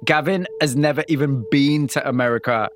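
A man hosting a radio interview show, narrating a story in a measured way and asking questions. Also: mid-range voice, heavy background noise.

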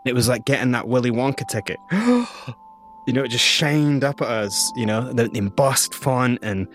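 A man, an interview guest, telling his story in an animated, conversational way. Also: medium pitch, moderate pace, soft background music. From Scotland.

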